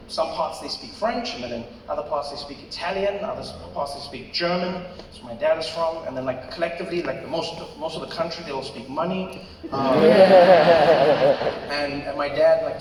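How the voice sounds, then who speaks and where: A man's voice: a little high, background noise. A man with a South African accent doing a stand-up set, telling a story and acting out the voices of people in it. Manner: storytelling, acts out voices, shouts punchlines. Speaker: stand-up comedian. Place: large arena on stage. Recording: echoey arena from far off, crowd laughter.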